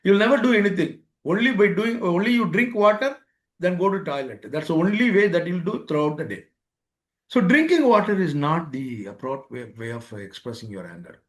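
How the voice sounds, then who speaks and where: A man's voice: sits high, very animated, normal speed. A man giving a webinar lecture, repeating points and acting out everyday exchanges. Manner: repetitive, acts out both sides of everyday exchanges. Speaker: webinar speaker on life skills. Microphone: remote webinar microphone.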